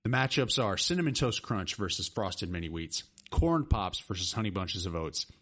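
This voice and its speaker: A middle-aged man hosting a casual podcast chat, rambling and excitable. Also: on the low side, moderate pace. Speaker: podcast host.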